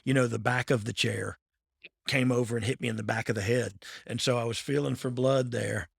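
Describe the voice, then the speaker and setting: Gravelly man in his fifties, laid-back host who laughs his way through wrestling stories. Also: mid-range voice, steady tone, fairly quick, dry recording, clean studio sound. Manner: laughs often, loose and playful. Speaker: podcast host, former wrestler. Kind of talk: casual storytelling chat.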